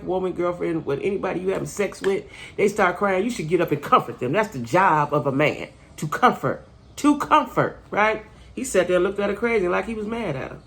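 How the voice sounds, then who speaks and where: A woman's voice: deep voice, creaky. A middle-aged woman hosting her own channel, chatting in a rambling way straight to her viewers about reality TV. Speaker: channel host. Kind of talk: casual reality TV commentary. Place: staying at her son's home.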